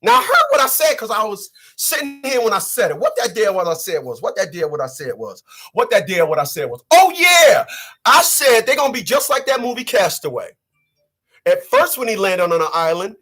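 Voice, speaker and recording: A man's voice: extremely high pitch, pushed and bright. A man delivering preachy, profane ranting commentary on his channel, repeating lines for effect. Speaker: vlogger.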